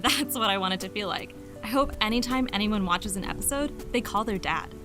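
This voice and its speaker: A man putting on a soft earnest woman artist. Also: high-pitched, a little fast, music in the background, voice pushed up, lightly acted.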